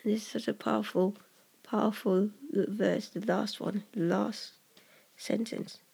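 In an earnest, reflective monologue, a gravelly, husky voice works through a personal poem, like a poet speaking their own words aloud. The voice is mid-range, fairly even in intonation, and darkish, with a halting delivery full of restarts and frequent slips into a breathy whisper.

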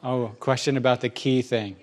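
An eager male preacher talks his way through a sermon on a church stage, his voice sitting in an ordinary middle pitch. He speaks casually, breaking off and restarting his sentences as his ideas run ahead. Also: steady tone, moderate pace. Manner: enthusiastic, conversational, many restarts.

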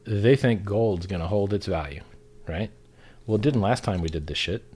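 A man's voice: on the low side, normal speed, darkish tone, slightly rough. A man on a casual talk show, ranting bluntly and swearing constantly in a heated, profane way.

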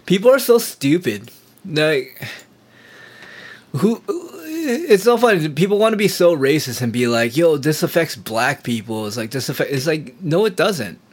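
A man's voice: fairly high pitch, sing-song, unhurried, breathy edge. A man ranting in a casual solo monologue, profane, sarcastic and heated, just getting over a sore throat.

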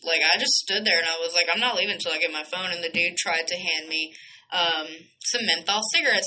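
A woman's voice: on the low side, fairly quick, bright, forceful tone, a little hiss or hum, low-quality recording. A young woman, hosting a podcast and telling a rambling personal story full of fillers and asides. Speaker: podcast host. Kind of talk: casual storytelling monologue.

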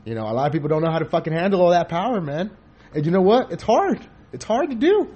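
A man hosting a podcast in casual chat, rambling and profane, telling animated stories. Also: sits high, quick pace, slightly rough, dull audio. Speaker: podcast host.

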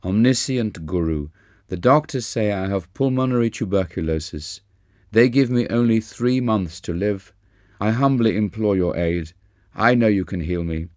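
A man's voice: on the low side, normal speed, darkish tone, dry recording, clean studio sound, natural voice. A man reading an audiobook, voicing a carefree young man who pleads earnestly with his teacher. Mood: imploring.

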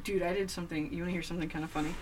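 A woman's voice: lowish voice, fairly even intonation, rapid-fire. A woman co-hosting a casual podcast, telling rambling stories and acting out the people in them. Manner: rambling storyteller, gets loud and giddy acting out her cat. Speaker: podcast co-host. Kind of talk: casual chat. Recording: distant mic with faint noise.

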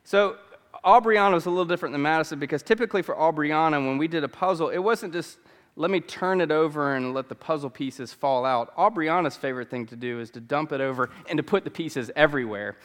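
A man's voice: fairly high pitch, quick pace, a bit bright, in a large hall. A pastor in his thirties preaching a sermon in a church, earnest and fond of repeating key phrases for emphasis. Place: church sanctuary.

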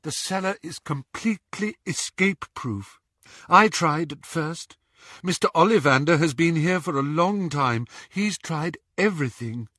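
A dreamy teenage girl, as a male reader voices her, calm and matter-of-fact, a little higher than the reader's own voice. She speaks slowly and evenly in a bright, close recording. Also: no room sound.

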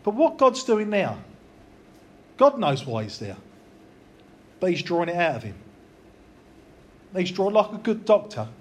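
A man's voice: sits high, big pitch swings, unhurried, pauses often. A man preaching an informal, earnest sermon, talking plainly and repeating phrases for emphasis. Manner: earnest, repetitive, conversational preaching.

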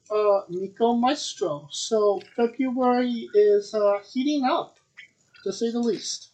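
A man's voice: extremely high pitch, slow pace, darkish tone, slight background noise, poor audio. A man hosting a wrestling podcast, upbeat and rambling with plenty of ums and uhs. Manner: upbeat, rambling with many fillers. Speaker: podcast host. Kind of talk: casual chat.

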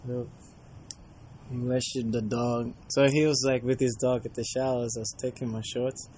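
A man's voice: medium pitch, flat delivery, moderate pace, a little mellow, a little hiss or hum. A man, a traveling monk, casually telling travel anecdotes and acting out bits of dialogue. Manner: chatty, acts out dialogue in anecdotes.

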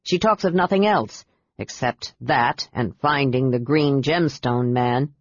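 A reader doing a low, commanding emperor. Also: no room sound, highs cut off. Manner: slow, authoritative, low. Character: commanding male emperor, gruff and good-humored.

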